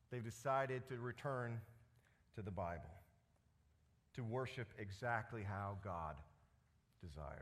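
A man preaching a sermon as pastor, animated and full of rhetorical questions. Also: mid-range voice.

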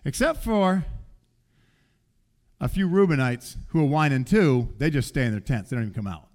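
A middle-aged man preaching a sermon in a conversational, animated way, acting out the people in the story. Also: mid-range voice, moderate pace. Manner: conversational, animated, acts out quoted voices. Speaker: pastor.

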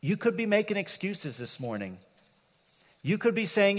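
A man's voice: high voice, big pitch swings, normal speed. A man preaching a sermon as pastor, telling a personal story in a conversational way with asides to the congregation. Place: church sanctuary. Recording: long hall reverb.

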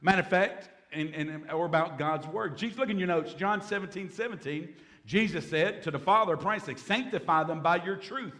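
A man's voice: sits high, moderate pace, fairly bright tone. A man, a pastor preaching a Bible-teaching sermon in a folksy way, with humorous asides.

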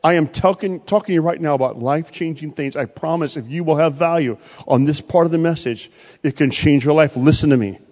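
High-voiced pastor in a reverberant hall. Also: male voice, fairly quick. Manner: preaching with sudden loud rises and quiet drops. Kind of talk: sermon.

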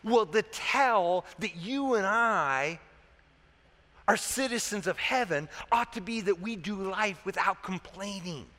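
A man's voice: sits high, animated, slow, pushed and bright. A man preaching a sermon as a pastor, talking conversationally and asking the congregation rhetorical questions. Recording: echoey hall reverb.

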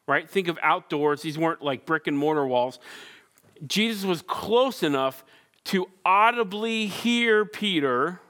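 A man delivers a conversational sermon in a slightly high, bright, forceful voice. He reads scripture aloud and lifts his pitch to act out the people speaking in it. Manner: conversational preaching, acts out quoted lines with rising pitch. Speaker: pastor.

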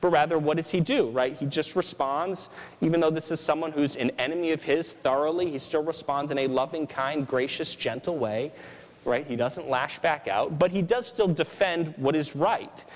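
Male preacher, fairly high voice, earnest and teaching, reverb trailing behind. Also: moderate pace. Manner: earnest, repeats "right?" often. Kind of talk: sermon.

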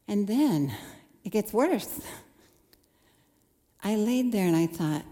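A woman's voice: medium pitch, expressive, slow, long pauses, mellow. Earnest woman preaching in a reverberant hall. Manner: earnest storytelling, acting out her own past thoughts. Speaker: speaker. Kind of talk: personal testimony sermon.

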